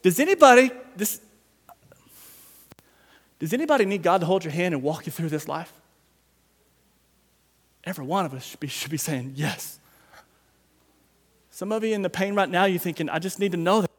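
A man preaching a sermon to a church congregation, swinging between quiet, low passages and loud emphatic ones while addressing the listeners directly. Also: expressive, normal speed, long pauses, in a large hall. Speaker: pastor. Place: church sanctuary.

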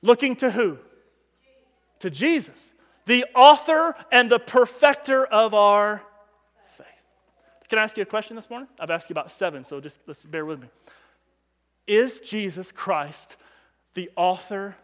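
A man preaching as a pastor on a Sunday morning, telling a story with animation and swinging from loud calls to hushed asides. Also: sits high. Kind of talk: sermon. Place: church sanctuary. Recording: long hall reverb.

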